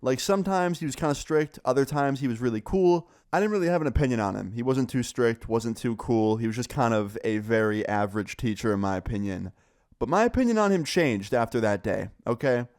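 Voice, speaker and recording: A young man casually telling a school story, animated and swearing, acting out what others said. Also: medium pitch, brisk. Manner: animated, swearing, acts out quoted voices. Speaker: storyteller vlogger.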